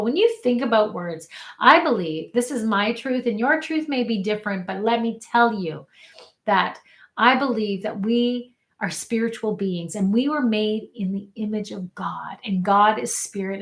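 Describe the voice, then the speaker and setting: A woman life coach giving an earnest live teaching, often calling out questions to her audience. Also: medium pitch. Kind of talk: live online coaching talk.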